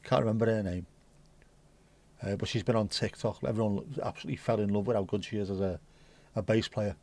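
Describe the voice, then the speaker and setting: A man's voice: on the low side, fairly even intonation, a little fast, warm tone. A middle-aged man hosting a casual livestream and chatting in a playful, cheeky, rambling way. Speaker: livestream host.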